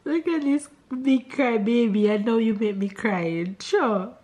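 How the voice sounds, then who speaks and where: A woman's voice: a little high, unhurried, a little mellow. A young woman vlogger chatting casually on a video call, teasing and laughing often.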